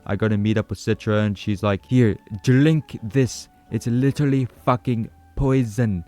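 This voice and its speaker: Low-voiced sarcastic man swearing freely. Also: a little mellow, clean tone. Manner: crude, sarcastic, heavy swearing. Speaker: gaming commentator. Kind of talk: comedic game recap narration.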